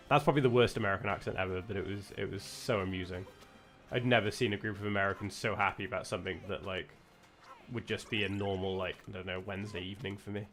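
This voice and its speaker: A man's voice: on the low side, steady tone, fast talker, a bit bright, soft background music. A young man with a British accent chatting casually while streaming a game, rambling with lots of restarts and self-corrections. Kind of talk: casual chat while gaming.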